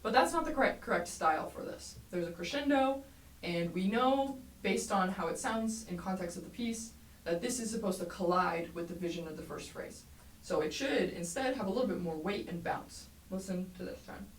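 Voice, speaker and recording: A woman teaching a trumpet lesson, explaining clearly and encouragingly, sometimes singing rhythms aloud. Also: medium pitch, animated, normal speed. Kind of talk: music lesson tutorial. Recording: roomy echo, mic at a distance, faint background noise.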